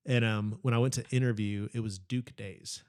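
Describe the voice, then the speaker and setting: A man's voice: lowish voice, steady tone, normal speed, a little mellow, clean tone. A man who is a pastor, chatting casually in an interview and telling rambling stories full of fillers and restarts. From Nebraska, Texas, Kentucky.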